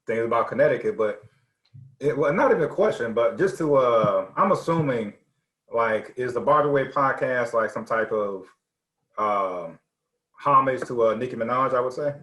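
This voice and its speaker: A man interviewing a guest in a relaxed, casual way, with lots of filler words. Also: mid-range voice, normal speed, reverberant, poor audio.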